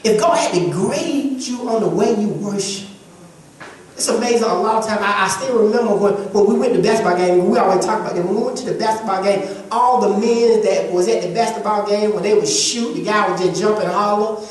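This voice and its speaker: A woman's voice: mid-range voice, fairly quick, a little mellow. A woman preaching a sermon to a congregation, emphatic and repetitive, in a call-and-response style. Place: church sanctuary with congregation. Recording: echoey church hall from far off.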